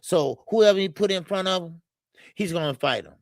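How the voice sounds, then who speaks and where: A man's voice: high voice, moderate pace, no echo. A man hosting a boxing live stream in a casual, rambling way, with many fillers as he reads out super chats. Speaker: boxing show host.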